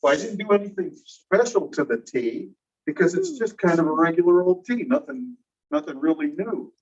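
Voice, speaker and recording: With a high, husky voice and a very animated delivery at normal speed, a man teaches a class, breaking down ideas step by step and quizzing students. The room recording is distant and dull.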